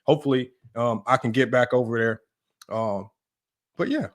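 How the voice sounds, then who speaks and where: Speaking at medium pitch and a moderate pace, a basketball stream host argues emphatically with his live chat, repeating himself, throwing out questions like "right?" and talking to "y'all".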